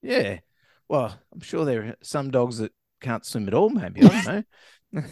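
Male podcast co-host, animated pitch, dry close sound, jokey delivery. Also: normal speed, no echo. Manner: jokey, reads news story aloud with asides. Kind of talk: casual comedic podcast chat.

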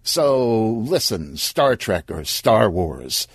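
A man's voice: on the low side, big pitch swings, very slow, gravelly, breathy edge, dry recording, clean studio sound, exaggerated voice. A man voicing a pompous, smug villain king in an audio story, lecturing in tone.

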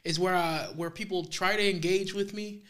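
A man co-hosting a podcast, telling a story in profane, animated casual chat and acting out the people in it. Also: high voice, normal speed. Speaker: podcast co-host.

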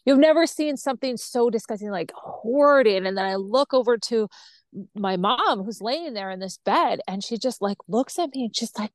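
A woman, a podcast guest, telling a personal story in an animated, blunt way, acting out other people's voices and swearing freely. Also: a little high, moderate pace, no room sound.

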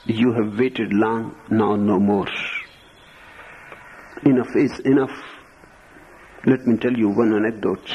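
A male spiritual teacher delivers a discourse at a very slow, measured pace. He pauses often for emphasis, and his pitch sits in a middle range. The sound is dull and lo-fi, with a faint background hiss. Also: steady tone. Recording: muffled lo-fi recording, faint hiss.

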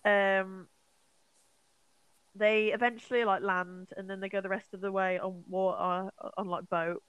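A woman's voice: mid-range voice, little pitch movement, measured pace, clean tone, no echo, rough recording. A young woman co-hosting a podcast, casually retelling a film with lots of fillers, swearing and acted-out quotes. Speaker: podcast co-host.

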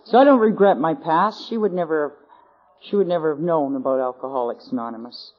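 A woman's voice: sits low, expressive, fairly quick. A woman with a Canadian accent, giving a wry, self-mocking personal testimony to a convention audience, on an old tape. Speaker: speaker at a recovery convention. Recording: dull lo-fi 1980s convention tape.

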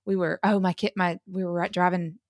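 A woman with a lilt talks on a podcast in a low, gravelly voice full of vocal fry. She rambles, circles back and restarts her thoughts, and the sound is close and dry. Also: flat delivery, fairly quick, dry recording. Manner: rambling, many fillers and restarts. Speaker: podcast co-host. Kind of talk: casual podcast chat.

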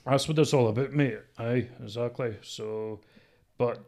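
A Scottish man with a deep, strong voice, talking shyly and hesitantly as an interview guest, with many fillers. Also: fairly even intonation, unhurried, darkish tone. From Scotland. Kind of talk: casual interview.

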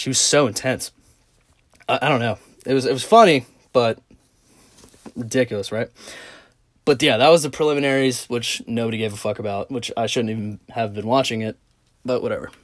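A man's voice: medium pitch, a little fast, dry recording. A young man talking casually in a rambling monologue, swearing often and filling gaps with "like" and "um". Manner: rambling, profane, lots of "like" fillers. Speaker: vlogger.

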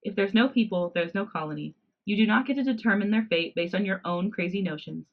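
A woman voicing a defiant young male cat hybrid with sharp, indignant outbursts, in a storybook reading with slightly dull podcast audio. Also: medium pitch, fairly quick, close to an everyday voice. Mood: angry, accusing.

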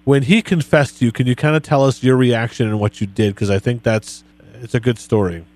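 A man hosting a podcast interview, talking in a relaxed, friendly way as he asks his guest questions. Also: medium pitch, brisk, no room sound. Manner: relaxed, friendly, reads quotes back to the guest. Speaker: podcast host. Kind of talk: conversational interview.

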